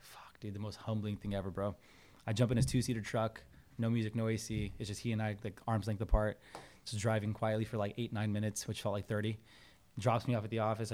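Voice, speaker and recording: A man in his thirties telling a personal story in a casual interview, animated, acting out quotes and swearing freely. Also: on the low side. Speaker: podcast guest.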